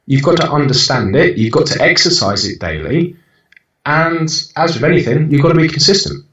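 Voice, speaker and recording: A man's voice: on the high side, expressive, a little fast, fairly bright tone, recorded from a distance. A young man, a podcast guest, talking bluntly and with plenty of swearing as he tells motivational stories. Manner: blunt, profane, motivational storytelling. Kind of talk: casual podcast conversation. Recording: dull, roomy podcast recording.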